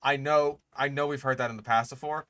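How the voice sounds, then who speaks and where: A man's voice: mid-range voice, steady tone, brisk, bright, forceful tone, no echo. A young man streaming casual reaction commentary, exasperated and sarcastic, swearing often.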